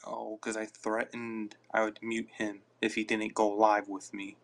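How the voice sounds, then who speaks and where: Male podcast host, unhurried casual rambler, reads and answers chat on a phone mic. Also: fairly low pitch, completely flat delivery. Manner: rambling, reacts to listener comments aloud.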